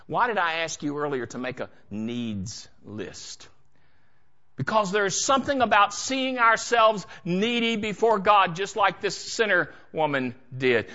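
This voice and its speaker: Preacher guy in church, high voice, swoops all over the place, muffled recording. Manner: dramatic, swings from hushed to shouting. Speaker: pastor. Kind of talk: sermon.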